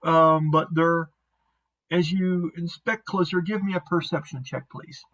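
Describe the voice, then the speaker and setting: Self-deprecating game master, male, slightly higher pitch, online session. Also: steady tone, measured pace, fairly bright tone, rough recording. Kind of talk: narrating a tabletop game over a voice call.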